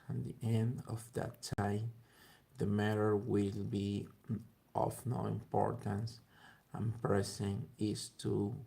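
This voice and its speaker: A man's voice: on the low side, vocal fry, warm tone, heavily acted. A man reading aloud and voicing a haughty male foreign nobleman who speaks in stiff, formal, demanding sentences. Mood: grave.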